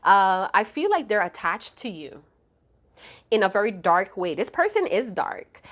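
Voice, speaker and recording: A woman giving a casual tarot reading to her viewers, chatty and profane with lots of slang, her voice a little hoarse. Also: medium pitch. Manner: chatty, slangy and profane, hums song snippets. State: slightly hoarse, losing her voice. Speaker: tarot card reader.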